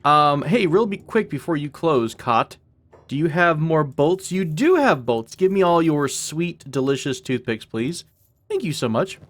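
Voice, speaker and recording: A man talks through a video game for his viewers in a loose, joking way, addressing them like friends. His voice sits a little higher than most men's. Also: sing-song, a little slow. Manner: chatty and playful, joking to viewers. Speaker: let's play host. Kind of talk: casual gameplay commentary.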